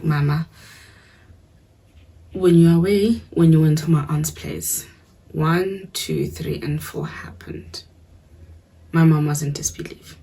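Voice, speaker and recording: Low, very breathy South African woman. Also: darkish tone, rough recording. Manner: switches between English and isiZulu, asks listeners to follow along. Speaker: storyteller. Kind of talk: casual storytime.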